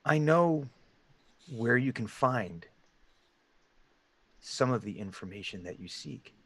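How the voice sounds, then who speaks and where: A man voicing a mysterious hooded stranger in a tabletop game, speaking in a deep, gravelly, hushed voice. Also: animated, slow pace, exaggerated voice. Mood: ominous.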